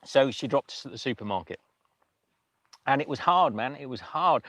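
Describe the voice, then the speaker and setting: A man hosting a livestream, telling a story in a casual, emotional way with many halting restarts. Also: mid-range voice, animated, fairly bright tone, no room sound. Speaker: livestream host.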